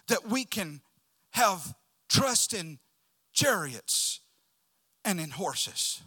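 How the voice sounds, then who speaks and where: Man preaching a sermon, high voice, bright tone, slow delivery, dramatic shouts and whispers. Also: expressive, slightly rough. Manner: dramatic storytelling, swinging from loud shouts to hushed whispers.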